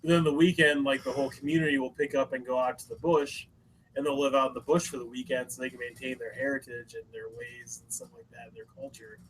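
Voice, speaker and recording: A man's voice: mid-range voice, big pitch swings, quick pace, a little hiss or hum, poor audio. A man co-hosting a podcast, talking loosely with lots of fillers and swearing. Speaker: podcast co-host. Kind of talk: casual chat.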